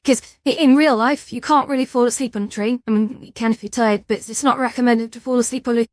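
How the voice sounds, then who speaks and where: A woman's voice: a little high, steady tone, fast talker, dry recording, clean studio sound. A tired woman streamer in casual chat, rambling and yawning between restarts. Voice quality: rambling, chatty, with frequent restarts and fillers.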